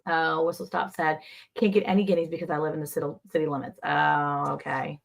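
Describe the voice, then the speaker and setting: A woman's voice: deep voice, little pitch movement, fairly quick, vocal fry. Chatty woman hosting a livestream. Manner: chatty, reads out viewer comments. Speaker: livestream co-host. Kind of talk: casual chat.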